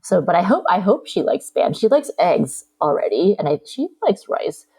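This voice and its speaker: A woman on a podcast chatting in a thoughtful way, with soft fillers as she muses. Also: on the low side, very animated, moderate pace, husky. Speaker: podcast guest. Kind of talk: casual podcast chat.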